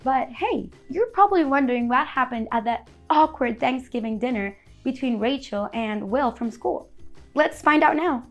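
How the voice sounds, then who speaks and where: A woman narrating a scripted language lesson in a clear, upbeat, explanatory way. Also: sits high, animated, normal speed, faint music behind. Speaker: language teacher.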